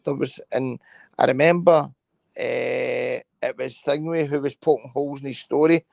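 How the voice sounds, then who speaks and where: A man, a guest on a casual livestream chat, who talks haltingly with many restarts. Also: medium pitch, steady tone, creaky, a little mellow, no echo.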